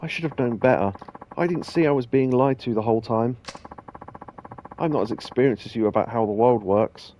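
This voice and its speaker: An earnest young hostess, naive and hopeful, as a man reads her subtitle lines aloud. The voice sits a touch above his usual pitch and stays mellow and soft-edged. It is a plain read-through with no big performance. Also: a little fast, slight background noise, natural voice, rough recording. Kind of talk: reading game subtitles aloud.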